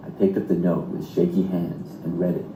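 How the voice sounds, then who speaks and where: A man narrating a scripted first-person horror story in a steady, even delivery. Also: deep voice, fairly quick, gravelly, a little hiss or hum. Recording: roomy echo.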